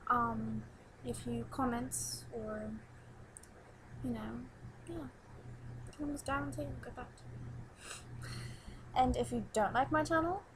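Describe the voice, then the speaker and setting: A teenage girl chats into her webcam at home, her voice sitting a little high. She rambles from one thing to the next and breaks into giggles often. A faint hiss runs under the home recording. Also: low-quality recording. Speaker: new vlogger. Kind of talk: casual webcam chat.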